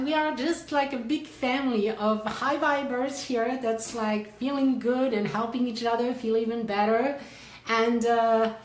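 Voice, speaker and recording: A woman with a French accent hosts a casual coaching livestream from her office, greeting each viewer effusively by name. She talks slowly in a fairly high voice. The room around her sounds echoey. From France. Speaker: life coach hosting a livestream.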